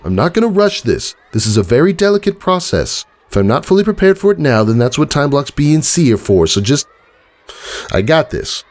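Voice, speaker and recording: In a fan audiobook, a man voices an anxious, prickly young filly pony, pushing his voice high and squeaky with a defensive edge. He's very animated and fairly quick, and his voice carries a roomy reverb.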